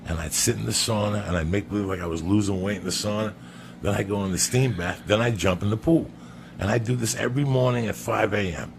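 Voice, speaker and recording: A man's voice: lowish voice, fast, gravelly, noisy background. A man telling a crude, comic story on a podcast, swearing often and calling his listener by name. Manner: profane, emphatic, keeps addressing the listener by name.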